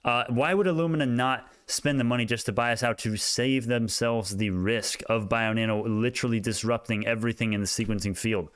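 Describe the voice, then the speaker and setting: An excitable young man runs through stock charts in casual, rambling commentary and keeps drifting onto tangents. His voice is smooth and clear. It sits at an ordinary middle pitch, recorded dry and close. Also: fairly quick, hardly any pauses, no room sound. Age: young adult. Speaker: stock market YouTuber.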